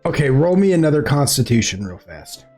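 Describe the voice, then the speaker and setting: A husky man narrating a tabletop game as game master, unhurried and playful. His pitch rises and falls a lot, with faint music behind him. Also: very animated, a little mellow. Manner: laughs often, playful narration.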